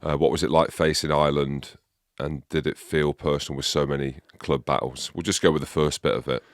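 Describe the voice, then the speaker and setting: A man's voice: extremely low pitch, fairly even intonation, a little fast, no room sound, clean studio sound. A man from Scotland, a former rugby player, hosting a podcast in easygoing casual chat and reading out listener questions.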